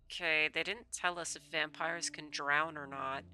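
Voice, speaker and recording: A woman's voice: deep voice, fairly even intonation, normal speed, few pauses, sharp tone, clear, resonant tone, faint music behind. A woman streamer who chats casually with rambling asides while reading a game's text aloud.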